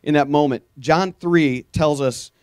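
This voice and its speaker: A man's voice: on the high side, unhurried, clean tone, no room sound. Earnest man preaching a sermon, dry sound. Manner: earnest, animated storytelling with sudden bursts of energy. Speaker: pastor.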